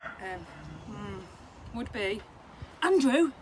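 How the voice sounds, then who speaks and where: A woman's voice: medium pitch, expressive, very slow. Giggly rambling woman on noisy video. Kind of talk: birthday video message.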